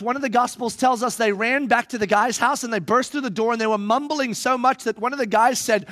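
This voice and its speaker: A man preaching a sermon dramatically, swinging from hushed reading to loud emphasis. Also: extremely high pitch, fairly quick, few pauses.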